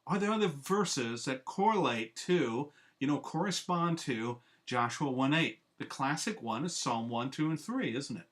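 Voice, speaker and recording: A man's voice: medium pitch, animated, measured pace, few pauses, a bit bright. A man giving an earnest, methodical instructional training talk as a discipleship trainer, laying out simple steps one by one.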